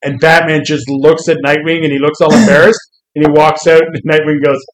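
A man's voice: a little high, fairly quick, rough recording. A man in a casual comics chat who retells scenes with lots of energy and acts out the quotes. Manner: animated storyteller, acts out quotes.

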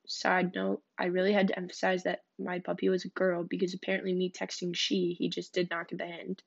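A woman's voice: lowish voice, completely flat delivery, a little fast, gravelly, few pauses. A young woman hosting a podcast, telling dating stories in a candid, blunt way and swearing freely. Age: young adult. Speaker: podcast host. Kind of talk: casual storytelling podcast. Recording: dull lo-fi recording.

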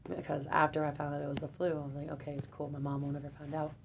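Animated, swearing young woman telling a story. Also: sits low, racing, gravelly, background noise. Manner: animated, profane, laughing. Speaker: guest. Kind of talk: casual storytelling. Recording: dull lo-fi audio.

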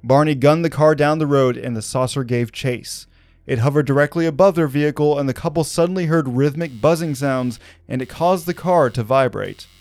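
A man's voice: on the high side, moderate pace, darkish tone, no echo. A man hosting a podcast, telling a story in a casual, conversational way with fillers. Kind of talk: conversational narration of a paranormal story.

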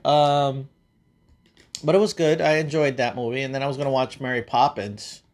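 A male podcast host chats casually with a middle-pitched voice. He rambles, swears often and breaks into laughter. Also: fairly even intonation, moderate pace. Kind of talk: casual chat.

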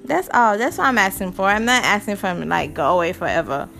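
A woman's voice: medium pitch, fast, gravelly, faint music behind. A young adult woman hosting her own podcast, telling exasperated stories about parenting with frequent laughter. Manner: animated, laughing, exasperated storytelling. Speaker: podcast host. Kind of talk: casual monologue.

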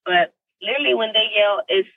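A young woman with a husky, breathy voice tells her story on a podcast. She is animated and heartfelt, and swings high when she acts out what people said. The sound is dry, from a mic a little way off. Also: fast, no room sound, distant mic, phone-quality sound. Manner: animated, emotional, acts out quotes with big pitch jumps; heartfelt, faith-filled tone. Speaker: actress guest.

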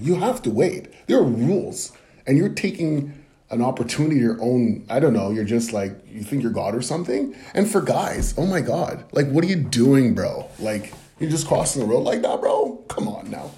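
Comic host, gravel-toned dark voice, rambling mock-serious rant. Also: male voice, mid-range voice, sing-song, moderate pace. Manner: rambling, flustered, apologetic asides; mock-earnest preaching rants. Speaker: comedian. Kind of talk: comedic monologue to camera.

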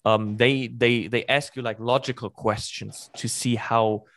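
A man's voice: mid-range voice, steady tone, a bit bright, dry recording. Man in his twenties, dry mic. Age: 20s. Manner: halting, many restarts and fillers. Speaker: podcast guest. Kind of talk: casual chat.

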